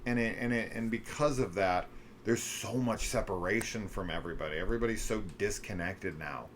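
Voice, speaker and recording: A man's voice: on the low side, fairly quick, a little hiss or hum. A man reviewing a horror film in casual chat, rambling with lots of fillers and the odd swear.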